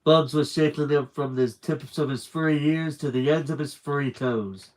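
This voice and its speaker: A man reading a children's book aloud on a live stream with lively, animated narration and chatty asides. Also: mid-range voice, moderate pace, hardly any pauses, rough recording.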